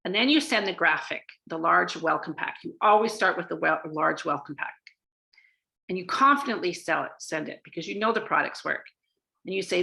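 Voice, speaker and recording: A woman's voice: fairly low pitch, normal speed, gravelly, pushed and bright. A woman from Canada giving a casual sales training talk, chatty, with many fillers and restarts.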